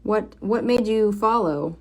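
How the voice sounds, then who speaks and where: A young woman streaming as she draws comics, chatting casually, reading viewer comments aloud and muttering softly to herself as she works. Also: medium pitch, takes it slowly. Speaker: comic book artist streaming a drawing session. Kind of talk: casual livestream chat while drawing.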